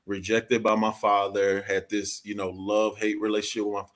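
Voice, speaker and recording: A man's voice: fairly low pitch, monotone, normal speed, a bit bright. A man speaking as a guest, telling his story in an earnest, confessional way with casual slang. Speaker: podcast co-host, guest. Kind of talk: candid personal testimony.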